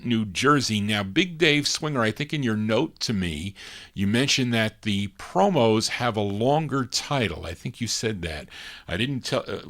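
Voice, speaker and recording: A man's voice: on the low side, fairly bright tone. A man hosting a record request show, chatting casually between songs as he dedicates each record to a listener and reads out its label details. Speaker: radio-style record show host.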